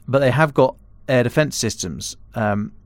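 A man's voice: mid-range voice, lively intonation, a little slow, dry recording. A man, a defence and security editor, giving casual podcast analysis in an explanatory way, often stopping and restarting mid-phrase.

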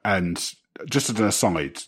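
Low husky-voiced man, rambling. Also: expressive, a little slow. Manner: rambling, filled with "you know" and restarts. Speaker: podcast co-host. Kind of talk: casual football podcast chat.

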